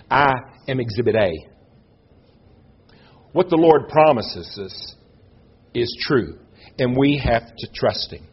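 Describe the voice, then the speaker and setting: A man delivers a sermon with earnest conviction, pausing for effect and pushing his voice up on key questions. His voice has a husky edge, and the recording sounds slightly dull and muffled. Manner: earnest, with dramatic pauses and rises in pitch. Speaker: preacher.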